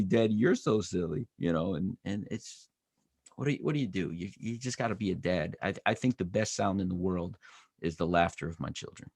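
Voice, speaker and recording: A podcast host, a man with a gravelly, creaky edge in his voice, spinning animated stories and acting out the dialogue of his family. His pitch swings widely, from low murmurs up to playful high voices. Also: normal speed, no room sound. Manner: animated storyteller who acts out family dialogue. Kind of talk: conversational podcast interview.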